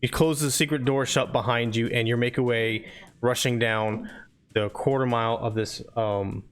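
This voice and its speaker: A man's voice: medium pitch, normal speed, clean tone. Man narrating as a game master. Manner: vivid, steady storytelling narration.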